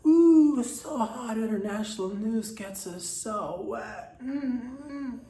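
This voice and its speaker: A man putting on a breathy, moaning, aroused voice to tease a news segment, high and drawn out. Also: animated, slow, mellow, exaggerated voice. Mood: sultry. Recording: roomy echo.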